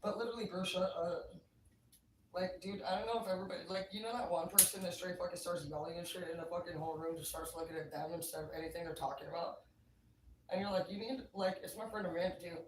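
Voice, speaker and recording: A woman with a lowish voice chats loosely on a livestream, swearing freely and padding her talk with filler words. She sits some distance from the mic in an echoey room, with faint noise underneath. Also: fairly even intonation, fast. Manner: rambling, profane, filler-heavy talk. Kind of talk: casual livestream chat.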